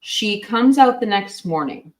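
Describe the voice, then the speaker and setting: A woman's voice: mid-range voice, lively intonation. Chatty woman, roomy distant sound. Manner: chatty, quick to laugh, lots of "like". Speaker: true crime co-host. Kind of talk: casual livestream chat.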